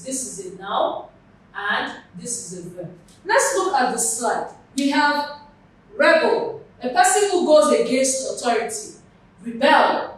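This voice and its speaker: A woman with a Nigerian accent teaching English for an exam, explaining patiently with examples. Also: sits high. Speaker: English tutor. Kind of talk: exam prep lesson. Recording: very echoey room, mic far off.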